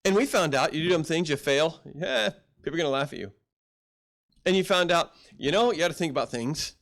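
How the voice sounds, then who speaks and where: A man's voice: a little high, expressive, brisk, creaky, a bit bright. A middle-aged male pastor preaching a sermon in a folksy storytelling way, acting out quoted voices.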